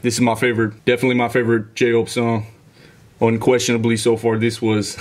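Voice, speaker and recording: Flat-voiced man breaking down a rap. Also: mid-range voice, fairly quick, noisy background. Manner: enthusiastic, analytical about rap flow. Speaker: reaction video host. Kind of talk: casual music reaction commentary.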